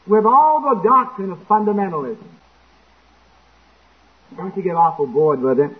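A man preaching a sermon in church, acting out quotes and breaking into sudden shouts. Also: high-pitched, normal speed, pauses often. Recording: tinny lo-fi phone-like recording.

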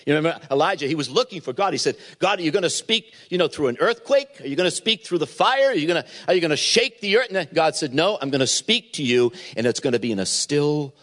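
A man's voice: high voice, fairly bright tone. A man preaching a sermon as pastor, retelling a Bible story and acting out the voices in it.

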